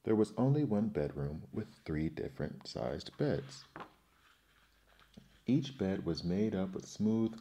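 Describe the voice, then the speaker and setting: A man narrating a children's fairy tale in an expressive, measured storytelling manner. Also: deep voice, lo-fi sound.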